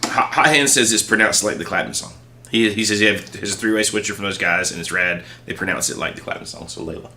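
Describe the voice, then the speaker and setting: A man's voice: fairly low pitch, quick pace, creaky, bright, forceful tone. A man co-hosting a guitar shop livestream, talking casually in rambling sentences full of fillers. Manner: rambling, filler-heavy, laughs often. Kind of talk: casual chat.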